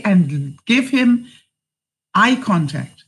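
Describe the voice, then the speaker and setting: With a lowish, unhurried voice, a middle-aged woman on a live stream reads out viewer comments and gives chatty life advice, calling people by name as she answers the chat.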